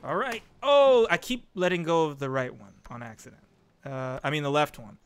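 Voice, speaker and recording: Excitable young man streaming a game. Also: a little high, dry recording. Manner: excitable, talks to chat, yelps when falling. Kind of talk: gameplay commentary.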